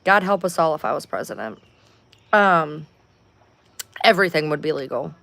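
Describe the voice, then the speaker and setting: A woman with a fairly low voice chats casually to her viewers on a home livestream. She rambles, curses freely and sounds fed up. She seems to be talking into a webcam or phone. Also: expressive, moderate pace, vocal fry, fairly bright tone, no room sound. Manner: rambling, profane, exasperated. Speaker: livestream host.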